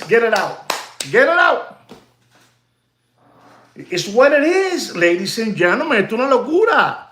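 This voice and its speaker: A man with a high-pitched voice rants in an echoey room. He hosts a watch dealer's livestream, hammering every point with repetition and slipping Spanish phrases in. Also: fairly bright tone. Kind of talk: ranting livestream monologue.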